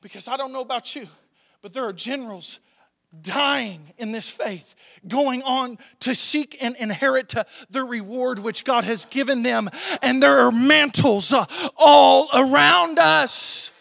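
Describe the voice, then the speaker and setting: Young preacher with a very high, gravelly voice. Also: male voice, measured pace, no room sound. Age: young adult. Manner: impassioned preaching that swings from shouts to hushed near-whispers. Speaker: pastor. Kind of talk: sermon.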